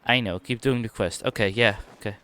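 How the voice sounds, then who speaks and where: A man with a lowish, bright voice speaks in a forceful, clean tone. He's streaming a game, thinking aloud, reacting quickly and casually as he explores, and reading dialogue as he goes.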